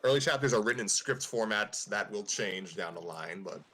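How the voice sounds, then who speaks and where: A man's voice: lowish voice, animated, normal speed, fairly bright tone. A man hosting a show, casually reading a fan-fiction story aloud and chuckling at the text now and then. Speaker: host and narrator.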